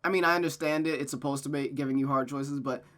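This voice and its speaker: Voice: mid-range voice, steady tone, fast talker, a bit bright. A visual novel reader who narrates the story and breaks off into chatty, self-correcting asides, with faint guitar music behind. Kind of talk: reading a game aloud with running commentary.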